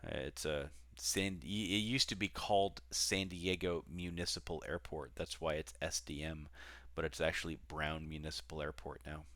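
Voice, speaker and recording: A man's voice: extremely low pitch, fairly even intonation, normal speed, bright, forceful tone, no echo, studio quality. A man teaching a recorded online class as a flight instructor, explaining casually with frequent fillers and restarts.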